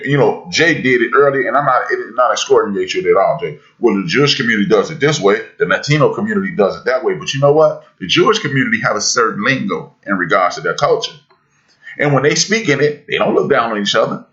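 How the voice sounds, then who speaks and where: A man hosting a podcast discussion, talking in an emphatic, preacherly way that builds to loud peaks. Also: mid-range voice, expressive, fast, highs cut off. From United States. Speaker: podcast host.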